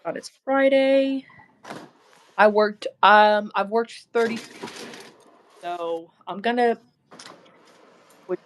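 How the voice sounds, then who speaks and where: A woman in her thirties chatting casually, unhurried and trailing off mid-thought. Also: mid-range voice, slight background noise. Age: 30s. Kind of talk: casual chat.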